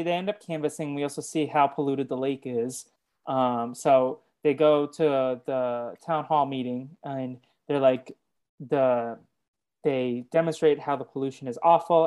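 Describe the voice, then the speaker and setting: A man's voice: medium pitch, darkish tone, smooth. A man co-hosting a casual podcast, recapping film scenes step by step with frequent hesitations. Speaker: podcast co-host.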